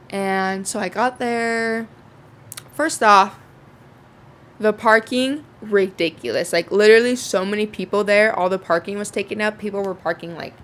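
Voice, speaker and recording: A woman's voice: mid-range voice, a bit bright. A young woman telling a casual storytime vlog, chatty and swearing freely, with lots of fillers. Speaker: vlogger.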